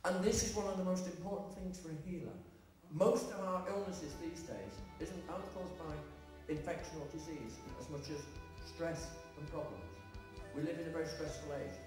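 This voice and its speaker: A man's voice: on the high side, lively intonation, normal speed. A middle-aged man, a spiritualist medium, giving earnest advice to trainee healers. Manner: earnest, advising. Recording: echoey hall from far off, faint music.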